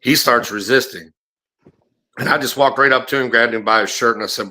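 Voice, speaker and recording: A man's voice: medium pitch, brisk, sharp tone. A middle-aged man, a former bounty hunter, telling profane stories on a podcast and acting out the people he quotes. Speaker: podcast host. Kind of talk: casual storytelling chat.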